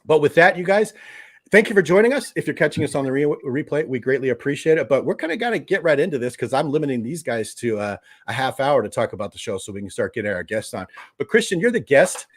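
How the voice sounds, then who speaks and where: A man's voice: medium pitch, big pitch swings, fast. A man hosting a live streamed show, chatting casually and joking while greeting viewers from the chat by name. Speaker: host of a collectibles show's live stream.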